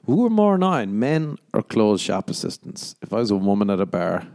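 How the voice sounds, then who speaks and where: A man's voice: fairly low pitch, big pitch swings, brisk, gravelly, few pauses, a little mellow. A young Irish man hosting a solo podcast, rambling crudely and sarcastically and slipping into mock voices. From Ireland. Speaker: podcast host.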